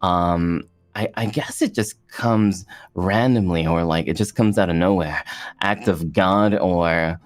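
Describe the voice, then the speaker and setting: A man chatting as a guest on a streamed talk show, rambling and halting, with many restarts. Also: low voice. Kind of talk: casual chat.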